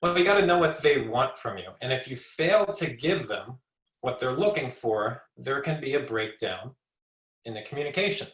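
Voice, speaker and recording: A man's voice: medium pitch, expressive, normal speed, fairly bright tone, reverberant, low-quality recording. A man in his forties, a speech pathologist, giving an informal educational talk in a conversational way, often restarting his words. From United States. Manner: conversational, repeats and restarts words, acts out short examples.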